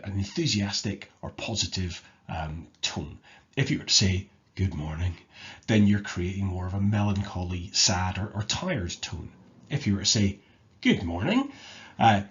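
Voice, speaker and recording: Measured male teacher, low dull recording. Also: a bit bright. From Scotland. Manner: explanatory, measured, with restarts and fillers. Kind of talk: recorded exam lesson.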